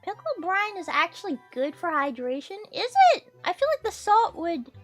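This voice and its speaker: A woman's voice: very high voice, lively intonation, moderate pace, faint music behind. A woman streaming a game, chatting casually, swearing freely and laughing often. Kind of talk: casual gaming stream chat.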